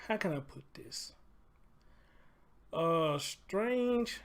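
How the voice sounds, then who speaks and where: A man's voice: on the high side, sing-song, very slow, creaky, pauses often, a bit bright. A man hosting a casual livestream, chatty and loose, swearing freely and repeating phrases as he talks to viewers. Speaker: livestream host.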